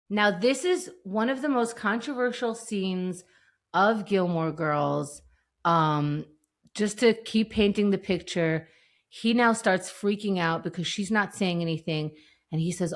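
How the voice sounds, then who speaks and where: Woman, podcast co-host, casual recap, lowish pitch, animated storytelling. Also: slow. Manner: animated retelling, acting out quoted lines. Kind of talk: casual chat recapping a TV scene.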